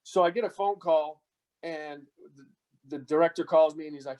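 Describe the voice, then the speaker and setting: A man's voice: on the high side, normal speed, pauses often, a little mellow, low-quality recording. A middle-aged man from the United States, a podcast guest and goalkeeper coach, telling long casual stories with plenty of fillers and restarts. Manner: rambling anecdotes with many fillers and restarts. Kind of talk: casual storytelling interview.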